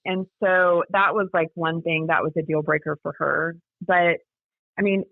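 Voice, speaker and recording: Over a remote call with a tinny, phone-line quality, a woman guest whose mother or father fell for a scam chats casually about her story, dropping plenty of "like" and "you know." Her voice sits low with vocal fry, and the recording is dry.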